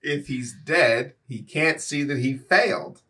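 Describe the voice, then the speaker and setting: A man's voice: mid-range voice, a little slow, over loud music. A man in casual chat, laid-back and reacting with quips.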